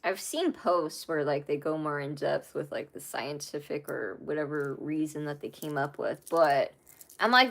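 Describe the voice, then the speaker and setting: A woman's voice: low voice, normal speed, vocal fry, fairly bright tone. Chatty woman giving a tarot reading. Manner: rambling, chatty, many fillers and asides. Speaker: tarot reader. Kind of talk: casual tarot reading monologue.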